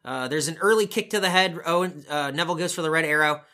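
A man co-hosting a casual chat show, talking through events in a loose, rambling play-by-play. His voice is very bright and sits a little high for a man, and he swears offhandedly. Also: fast talker. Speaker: podcast co-host. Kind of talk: casual wrestling recap chat.

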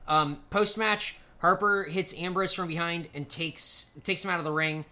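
A man's voice: a little high, steady tone, moderate pace, sharp tone. A man co-hosting a casual podcast, walking through a wrestling show play by play in a rambling way with lots of fillers and swearing. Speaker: podcast co-host. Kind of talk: casual wrestling recap chat.

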